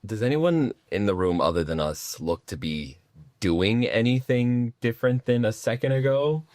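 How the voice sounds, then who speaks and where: A man's voice: medium pitch, lively intonation, moderate pace, darkish tone, dry recording, studio quality. A man playing a tabletop game who talks in a friendly, slightly rambling way. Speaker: player. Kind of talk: casual chat.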